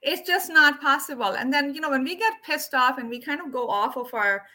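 A woman hosting a casual wellness conversation, talking expressively and quick to agree. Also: high-pitched, expressive, bright, forceful tone. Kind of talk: casual spiritual wellness chat.

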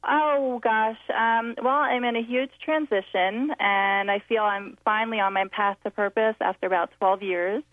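A woman's voice: fairly high pitch, steady tone, normal speed, few pauses, no room sound. Woman caller on a tinny phone line, hesitant, lots of ums. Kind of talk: phone-in conversation.

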